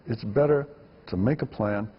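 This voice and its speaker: Husky guy in an interview, stressing points, kinda muffled lo-fi audio. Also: lowish voice, normal speed, in a large hall. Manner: emphatic, repeats words for stress. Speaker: filmmaker guest. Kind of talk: interview answers.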